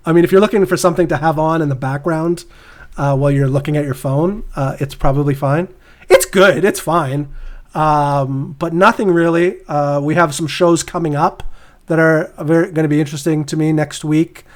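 Chatty Canadian man, higher voice. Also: steady tone, moderate pace. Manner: rambling, restarts and laughs often. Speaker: podcast co-host. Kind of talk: casual chat.

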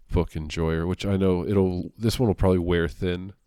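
A very low-voiced man chatting about comics in a loose, rambling way, full of "like" and quick impressions. The sound is dry and close, with no room around it. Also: warm tone, dry recording. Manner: rambling, many fillers, breaks into quick impressions. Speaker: podcast co-host. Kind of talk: casual comic book chat.

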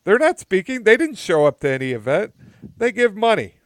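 A man's voice: high voice, big pitch swings, brisk, dry recording, studio quality. A man co-hosting a political podcast, pushing back with frequent stammered restarts. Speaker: podcast co-host. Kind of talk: political debate chat.

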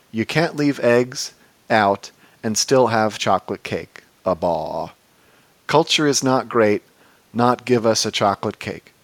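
A man putting on a rambling older male entertainer who drifts off into food tangents and mumbles little "a baw" tics. The voice sits at an ordinary middle pitch. The sound is dry and close, with no room around it. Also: no echo, lightly acted. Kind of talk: comedic impression in a podcast.

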